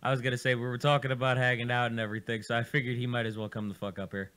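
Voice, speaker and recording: A man runs a loose, profane studio chat and needles his guests as they talk. His voice sits at an ordinary middle pitch and his delivery is animated. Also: very fast. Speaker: radio show host. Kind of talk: casual studio banter. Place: radio studio.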